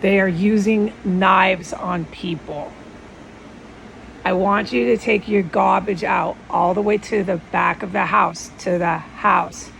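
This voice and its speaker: A woman imitating a calm, stern male voice that gives slow, measured commands. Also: medium pitch, vocal fry, slight background noise, heavily acted, low-quality recording.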